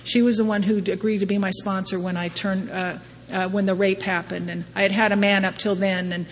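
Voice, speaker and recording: A middle-aged woman tells her own story at a recovery meeting, wry and self-deprecating, with frequent laughs at her own expense. Her voice sits at an ordinary pitch. It rings with long reverb from a big hall, over a faint hiss behind her. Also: flat delivery, a little fast. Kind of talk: personal testimony talk.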